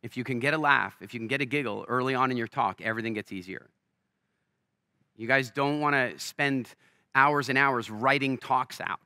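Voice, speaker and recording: A man's voice: medium pitch, moderate pace, no echo, clean studio sound. A man giving a motivational talk on a festival stage, telling stories energetically and acting out the people in them. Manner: energetic storyteller, acts out quoted voices. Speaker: keynote speaker.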